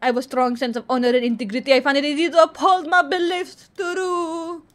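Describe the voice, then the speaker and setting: A woman's voice: high-pitched, rapid-fire. A woman with an Indian accent, chatting casually on a livestream, playful and boastful as she reads quiz statements aloud and answers them. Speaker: streamer.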